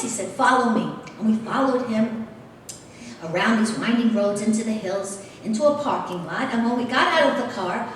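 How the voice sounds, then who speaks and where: Animated woman speaking in an echoing hall. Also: a little high, slight background noise. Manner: lively, animated storytelling with laughter. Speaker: guest speaker. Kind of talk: personal storytelling speech. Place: large convention hall. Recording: echoey hall heard from far off.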